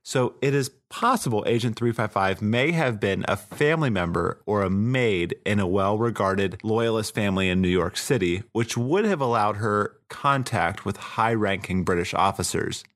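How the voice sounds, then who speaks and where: A man's voice: on the low side, expressive, moderate pace, hardly any pauses, fairly bright tone. A man co-hosting a podcast, telling history in a loose, profane, chatty way. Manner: loose, profane storytelling with fillers. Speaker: podcast co-host. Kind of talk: casual history podcast chat.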